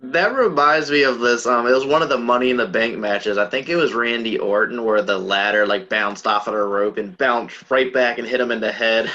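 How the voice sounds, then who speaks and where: A man hosting a casual podcast chat, asking relaxed, rambling questions. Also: mid-range voice, moderate pace, lo-fi sound, slight background noise. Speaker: podcast host.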